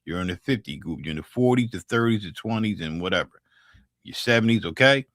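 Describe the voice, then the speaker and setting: Man in his 60s, Philadelphia accent, lowish voice, dry close sound, profane joking livestream chat. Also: lively intonation, brisk, fairly bright tone, no echo. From North Philadelphia, USA. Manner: loose, profane, joking street talk with frequent restarts. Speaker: livestream beatmaker host. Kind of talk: casual livestream chat with viewers.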